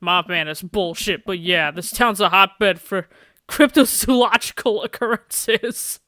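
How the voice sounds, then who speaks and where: Man voicing a gruff middle-aged dad, laconic and deadpan, bright clean tone, dry sound. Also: sits high, unhurried, no echo.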